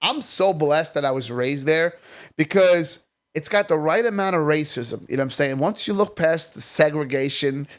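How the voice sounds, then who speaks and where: A man from Staten Island, a comedian guest telling stories in casual, profane chat. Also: a little high. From Staten Island, New York. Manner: profane, rapid storytelling.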